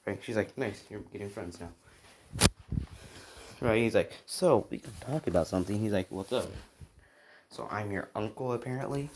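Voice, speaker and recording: A man's voice: fairly low pitch, a little mellow, reverberant. A young man casually making up and retelling a fan story, rambling with many restarts and asides. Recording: faint background noise.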